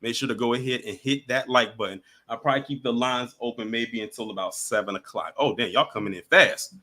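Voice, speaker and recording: A man hosts a live stream, chatting casually and taking callers one at a time in a medium-pitched, fairly quick voice. He's relaxed and chatty, laughing along with callers.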